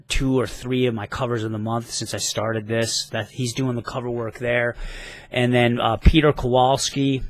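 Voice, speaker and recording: A man's voice: mid-range voice, no echo. Casual rambling man reviewing comics. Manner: enthusiastic, rambling, casual swearing. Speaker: comic book vlogger.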